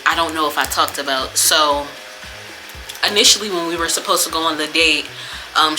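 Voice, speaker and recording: A young woman vlogger talking casually and venting, with a lot of profanity and frustration. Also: low-pitched.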